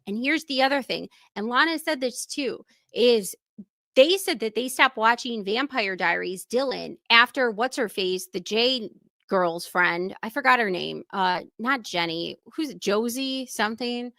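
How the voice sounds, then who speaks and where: A woman co-hosting a true-crime stream, talking excitedly in casual chat and swearing in quick bursts. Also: fairly high pitch, no room sound. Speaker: stream co-host.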